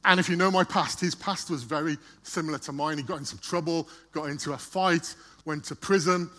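A man's voice: fairly high pitch, steady tone, a little fast, a bit bright. A man speaking to a church, telling a personal story in a chatty way, often repeating and restarting words. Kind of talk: storytelling sermon.

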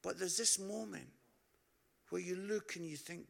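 A Scottish man preaching a storytelling sermon, animated, swinging from shouts to hushed tones and often asking the crowd "yeah?". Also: high voice, a little slow, gravelly, pauses often. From Scotland. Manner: frequent tag "yeah?" to the crowd.

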